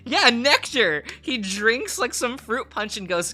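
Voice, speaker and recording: A man's voice: very high-pitched, very animated, takes it slowly, pauses often, bright, forceful tone, soft background music. A man chatting casually on a live drawing stream, rambling with lots of fillers and frequent giggles.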